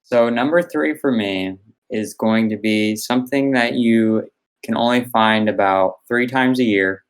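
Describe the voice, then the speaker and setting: Low-voiced earnest young man. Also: measured pace, clear, resonant tone, poor audio. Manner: earnest, enthusiastic about snacks. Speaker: podcast co-host. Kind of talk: casual podcast chat.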